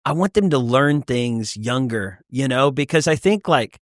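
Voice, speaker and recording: Relaxed man hosting a podcast. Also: mid-range voice, a little slow, no room sound, clean studio sound. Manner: relaxed, conversational, chimes in often. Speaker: podcast host. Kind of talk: casual podcast chat.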